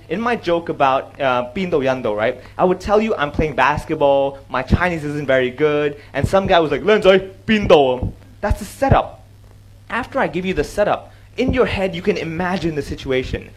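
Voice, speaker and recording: A man on stage giving an animated talk about comedy, acting out jokes and switching between English and Cantonese. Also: on the high side, a little hiss or hum, rough recording. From Hong Kong. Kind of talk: talk on comedy with joke examples. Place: stage before an audience.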